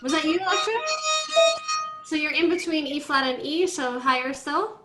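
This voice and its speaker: A woman teaching an online violin class, coaching students through tuning in a brisk, directive way over a video call. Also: high-pitched, loud music behind the voice. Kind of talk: online group class instruction. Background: faint violin notes from students.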